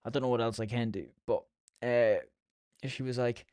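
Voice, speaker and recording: A man's voice: medium pitch, steady tone, normal speed, a little mellow, clean tone, dry recording, studio quality. An Irish man hosting a podcast, telling stories in a casual, rambling, sweary way. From Ireland. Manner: sweary, chatty storytelling. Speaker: podcast host.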